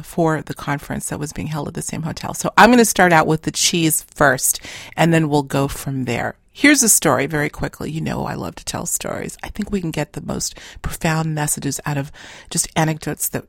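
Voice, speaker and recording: Low, dry-sounding middle-aged woman storyteller, chatty and lively with her anecdotes. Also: vocal fry, dry recording. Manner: chatty, animated storyteller who acts out quoted lines. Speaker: speaker telling anecdotes. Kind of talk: casual storytelling talk.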